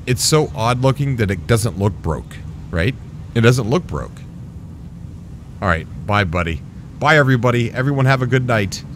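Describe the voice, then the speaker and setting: A man hosting his gaming channel, commenting on his gameplay in an excitable way, laughing often and apologizing. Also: mid-range voice, normal speed, background noise.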